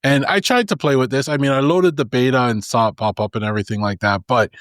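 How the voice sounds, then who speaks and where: A man's voice: mid-range voice, fast talker, fairly bright tone, no room sound, clean studio sound. A man co-hosting a casual tech podcast, enthusiastic and explaining things step by step. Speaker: podcast co-host.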